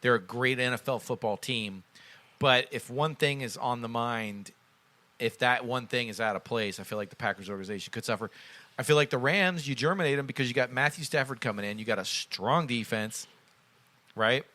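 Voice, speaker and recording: A man's voice: mid-range voice, a little fast, sharp tone. A man with a Midwestern accent, co-hosting a podcast and earnestly laying out his sports picks point by point in casual chat. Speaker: podcast co-host.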